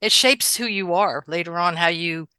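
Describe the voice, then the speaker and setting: Bright, clear-voiced woman telling stories. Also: lowish voice, moderate pace, dry recording. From New York. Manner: animated storyteller, laughs often, acts out quotes. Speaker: guest. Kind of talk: casual conversation, storytelling.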